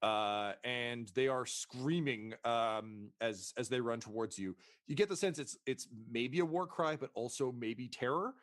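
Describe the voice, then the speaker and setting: A man's voice: mid-range voice, measured pace, hardly any pauses, fairly bright tone. A man running a tabletop role-playing game as game master, casual and profane, with many fillers. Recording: noisy stream mix.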